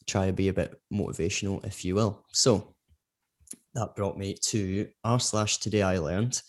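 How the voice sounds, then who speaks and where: Rambling podcast co-host, deep voice. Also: male voice, fairly even intonation, moderate pace. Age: middle-aged. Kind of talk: casual chat.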